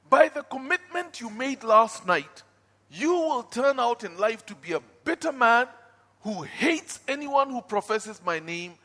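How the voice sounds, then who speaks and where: A male preacher with a high, bright, ringing voice delivers an impassioned sermon and testimony. He swings between loud, forceful bursts and quiet, pleading lows. His voice carries a long reverb from a large hall.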